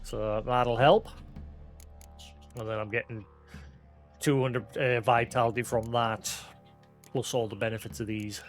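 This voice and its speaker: A man's voice: medium pitch, steady tone, unhurried, pauses often, soft background music. A man streaming a video game, chatting casually and explaining as he plays, with many fillers. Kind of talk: casual gameplay commentary.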